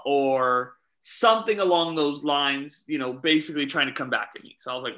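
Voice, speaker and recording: Casting: man, referee storyteller, very bright voice, a little high, animated, quotes people. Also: moderate pace, few pauses, low-quality recording. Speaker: youth soccer referee. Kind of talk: casual chat, storytelling.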